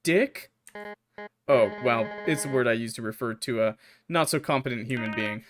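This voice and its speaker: A man streaming a game, reading the characters' lines aloud in put-on higher voices between joking and swearing. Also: normal speed, a bit bright. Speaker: gaming streamer. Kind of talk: let's play with voiced dialogue reading. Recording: music playing behind the voice. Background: game music.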